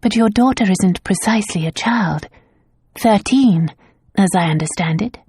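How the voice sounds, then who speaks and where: Woman doing a poised young governess, calm and formal. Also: mid-range voice, moderate pace, breathy edge, no echo, clean studio sound. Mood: composed. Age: 20s. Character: composed, dignified young woman applying as governess.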